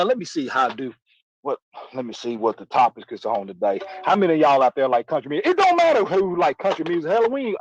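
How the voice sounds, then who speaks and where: A boastful backwoods moonshiner, played by a man, hollers and rambles in a thick drawl. His voice sits high. The sound is dull, dry and lo-fi. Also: dry recording. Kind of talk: comedy sketch character.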